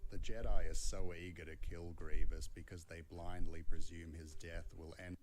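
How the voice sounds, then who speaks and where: Deep, flat-voiced man narrating an essay. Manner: measured, analytical delivery. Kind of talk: scripted narration.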